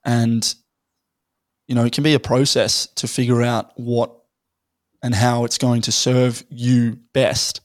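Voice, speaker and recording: A man, a little hoarse from losing his voice, rambling through a casual podcast conversation and thinking aloud with many fillers. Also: medium pitch, flat delivery, takes it slowly, no room sound, clean studio sound. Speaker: podcast guest.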